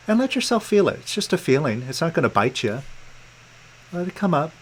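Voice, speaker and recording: Male coach, slightly high voice, calm and coaxing, guided session on a video call. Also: a little fast, a little hiss or hum, poor audio. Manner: calm, coaxing, repeats gentle prompts. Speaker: meditation coach.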